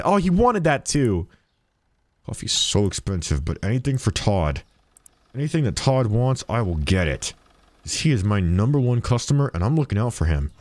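Lively young man streaming a game. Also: medium pitch, normal speed, no room sound. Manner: animated, playful shopkeeper banter with customers. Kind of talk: let's-play commentary.

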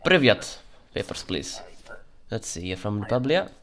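A man with a lowish, sing-song voice narrates his gameplay at a measured pace, sounding a little bright over faint background noise. Playing a let's play, he puts on a Russian accent as a stern border guard, curt and official with the game characters.

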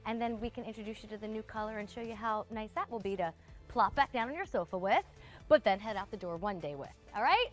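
A woman's voice: medium pitch, fast, faint music behind. A woman in her thirties hosting a live TV shopping show, chatty and gushing as she talks straight to viewers. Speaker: shopping channel host. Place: TV studio.

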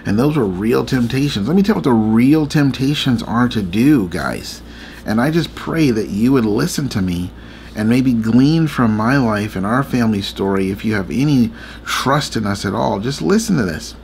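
Guy with a gravelly voice, earnest late night faith chat, faint hum behind. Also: medium pitch, expressive, moderate pace, a little mellow. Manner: earnest, repetitive, confiding. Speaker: faith vlogger and co-host.

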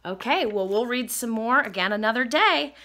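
A woman reading a children's picture book aloud in an animated, sing-song way. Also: fairly high pitch, normal speed. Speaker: storybook reader.

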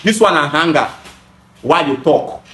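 A man's voice: a little high, lively intonation, unhurried, a bit bright, roomy sound, slight background noise. A man with a Nigerian accent, a gutter installer and seller, casually explaining his products to the camera in an emphatic, repetitive way. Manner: emphatic, repeats phrases, switches into pidgin.

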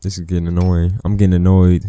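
A man's voice: deep voice, level tone, fast talker, warm tone, clear, resonant tone. A man giving casual gameplay commentary, chatting laid-back and trash-talking his teammates with a lot of swearing. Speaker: gaming commentator.

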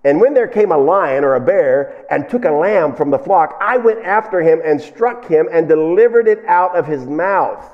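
A man preaching a sermon with a fairly high, lively voice that climbs and drops as he acts out the people in the story. He reads scripture and explains it to his congregation. The recording is muffled and lo-fi. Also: moderate pace, few pauses. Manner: animated preaching, acting out quoted speakers in raised voices. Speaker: pastor.

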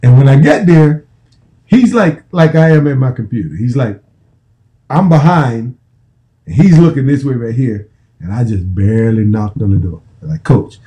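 Man in his fifties, american, former football player, casual profane storytelling, very dark voice. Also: mid-range voice, expressive, moderate pace, low-quality recording. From United States. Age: 50s. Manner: profane, repetitive, restarting phrases.

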